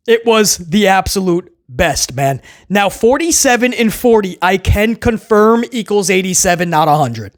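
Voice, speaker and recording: A man's voice: sits high, lively intonation, moderate pace, hardly any pauses. A man hosting a casual wrestling review, talking sarcastically and rambling with stammered restarts. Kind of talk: casual video review rant.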